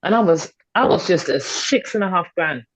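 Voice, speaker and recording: A woman's voice: lowish voice, lively intonation, normal speed, slight background noise. A middle-aged woman, a fitness and confidence coach, speaking as a podcast guest in an emphatic, persuasive way and repeating points for stress. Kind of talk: motivational conversational talk. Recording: dull, slightly lo-fi podcast audio.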